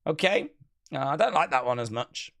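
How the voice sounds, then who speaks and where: A stream host chats casually into a desk mic during a watch-along, playfully reading out chat comments. The voice is medium-pitched, gravelly and fairly bright, at a normal speed, with very expressive rises and falls. It comes across as chatty and unscripted.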